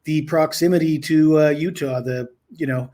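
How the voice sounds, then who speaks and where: Flat-voiced man giving betting picks. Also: on the high side, normal speed. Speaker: sports betting analyst. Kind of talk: podcast pick analysis.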